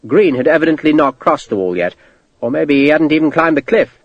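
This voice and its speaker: A man narrating a historical war novel as an audiobook, with an expressive storytelling delivery. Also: on the high side, fairly quick, dry recording, highs cut off. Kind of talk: scripted narration.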